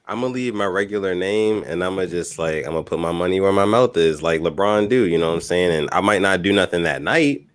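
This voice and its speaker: A man's voice: low-pitched, a little fast, hardly any pauses, smooth, no room sound. A man in casual podcast chat who talks in a laid-back way and fills his speech with "you know what I'm saying.".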